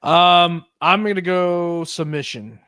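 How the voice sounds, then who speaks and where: A man's voice: high-pitched, slow pace, bright, forceful tone, clear, resonant tone, dry recording. A man co-hosting a casual wrestling podcast, teasing and jokey. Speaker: podcast co-host.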